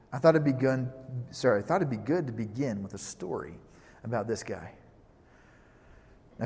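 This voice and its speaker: A pastor in his thirties giving a casual sermon, telling stories in a relaxed, joking way with lots of asides. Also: medium pitch. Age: 30s. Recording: long reverb of a large hall.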